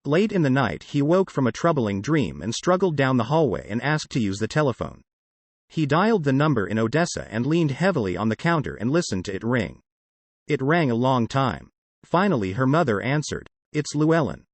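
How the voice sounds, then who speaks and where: A man reading an audiobook in a steady, measured way. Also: medium pitch, dry recording. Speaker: audiobook narrator. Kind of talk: audiobook narration.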